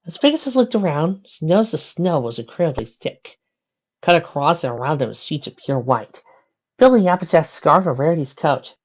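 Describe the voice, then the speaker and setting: Deep-ish lady reading fanfic out loud, lively tone, kinda muffled audio. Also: moderate pace, slightly rough. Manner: steady descriptive narration with occasional slips. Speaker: narrator. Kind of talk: fan fiction audiobook reading.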